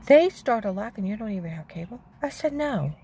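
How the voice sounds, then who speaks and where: Older woman with a gravelly rambling voice. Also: medium pitch, animated, normal speed, dark tone. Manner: chatty, aggrieved, repeats herself, acts out quotes. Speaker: storyteller. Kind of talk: rambling personal story.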